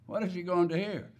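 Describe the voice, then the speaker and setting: A man's voice: high-pitched, darkish tone. A man preaching a sermon, stressing key words and asking his listeners rhetorical questions.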